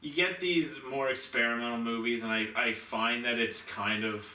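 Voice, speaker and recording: A man chats casually about films, full of "um"s and "like"s as he looks for words. His tone is very bright and sharp. He sounds distant from the mic in a roomy, echoey space with a faint hiss. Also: mid-range voice, steady tone, normal speed. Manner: hesitant, lots of fillers and likes. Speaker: movie review show co-host. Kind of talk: casual movie chat.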